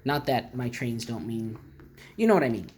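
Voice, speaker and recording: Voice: medium pitch, sing-song, normal speed, darkish tone, a little hiss or hum. A model railroad vlogger showing off a collection in a casual, rambling way, with lots of ums and restarts. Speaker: model railroad channel host. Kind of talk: casual show-and-tell vlog.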